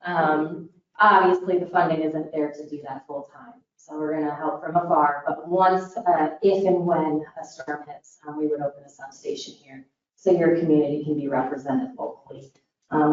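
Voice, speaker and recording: A woman from Northern Indiana with a northern US accent, giving an earnest public forum presentation for a disaster recovery group, with many "um" fillers. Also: on the low side. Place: large meeting room. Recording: echoey hall, distant, dull mic.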